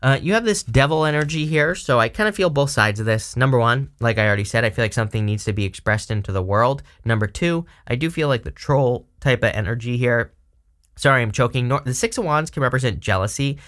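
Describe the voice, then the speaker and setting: The host of this channel, a man of medium pitch with a fairly bright tone, offers a loose, conversational tarot reading punctuated by asides to the audience watching.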